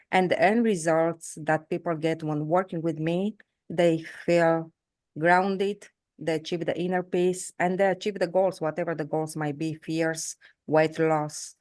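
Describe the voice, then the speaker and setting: A woman in a workshop practicing a self-introduction, hesitant, pausing often. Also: low-pitched, a little mellow, no echo, studio quality. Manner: hesitant, lots of uh fillers, laughs easily. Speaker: workshop participant. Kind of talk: practicing a pitch, casual.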